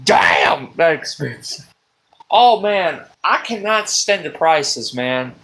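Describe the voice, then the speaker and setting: A man sits at his table at home and rants on a live stream. His voice sits fairly high and he drawls slowly, swearing often and breaking into loud exasperated outbursts. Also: animated, rough recording. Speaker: livestream host. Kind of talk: rambling live-stream rant.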